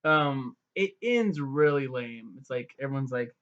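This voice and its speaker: A man's voice: mid-range voice, lively intonation, a little slow, a bit bright, highs cut off. A young man giving a profane, rambling, sarcastic review, full of fillers. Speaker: web series reviewer. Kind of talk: casual ranting review.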